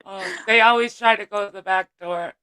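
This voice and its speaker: A woman's voice: medium pitch, normal speed, pushed and bright, smooth. A woman chatting casually on a livestream, giggly and easily flustered.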